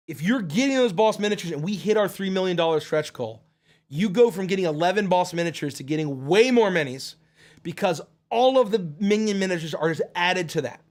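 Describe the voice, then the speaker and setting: A man hosting a livestream Q&A, reading chat comments aloud in a high put-on character voice, excitable and casually swearing. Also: a little fast. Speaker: host.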